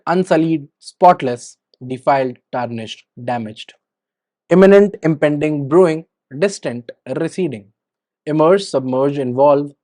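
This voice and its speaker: A man's voice: fairly high pitch, darkish tone. A man with an Indian English accent teaching vocabulary, reading word lists and letting his voice rise on each headword and drop on the opposites.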